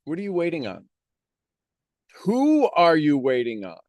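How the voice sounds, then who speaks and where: A man's voice: on the high side, huge pitch swings, a little slow, darkish tone, dry recording. A man giving a motivational monologue on a live stream, preaching with repeated rhetorical questions.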